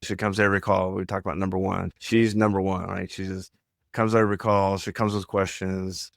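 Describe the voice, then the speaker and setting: A man's voice: deep voice, flat delivery, a little fast, vocal fry, no room sound, studio quality. A man co-hosting a podcast in casual chat, emphatic and coaching, often checking in with "right?". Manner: coaching, emphatic, tag questions. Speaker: podcast co-host.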